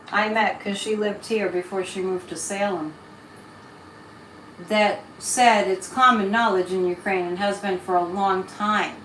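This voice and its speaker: A woman's voice: medium pitch, fairly bright tone, slight background noise. A middle-aged woman, hosting a casual live tarot reading and chatting over viewer comments as she digresses. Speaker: psychic livestream host. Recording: roomy echo.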